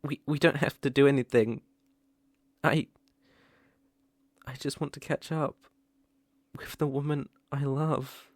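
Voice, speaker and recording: A young man with a British accent playing a remorseful ex-boyfriend in a whispered role-play, speaking hesitantly with soft laughs. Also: mid-range voice, fairly even intonation, measured pace, long pauses, no echo, close to an everyday voice. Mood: tender. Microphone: close mic, ASMR.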